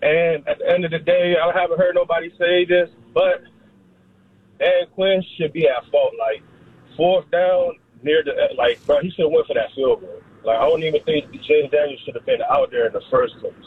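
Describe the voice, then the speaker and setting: A man's voice: fairly high pitch, moderate pace, dry recording. A man in his thirties calling into a sports radio show, talking in a rambling, casual way with lots of fillers. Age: 30s. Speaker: caller. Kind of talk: phone-in call. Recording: husky voice over a tinny, dry phone line.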